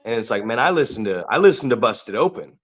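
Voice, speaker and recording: A man's voice: mid-range voice, very animated, fast. A man co-hosting a podcast in casual chat, blunt and profane, often acting out the people he quotes. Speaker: podcast co-host and wrestling trainer.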